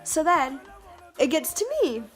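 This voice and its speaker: A woman's voice: high-pitched, unhurried, fairly bright tone. A woman telling a story to her camera in a casual vlog, chatty and stammering, with lots of fillers and restarts. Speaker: vlogger. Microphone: camera mic.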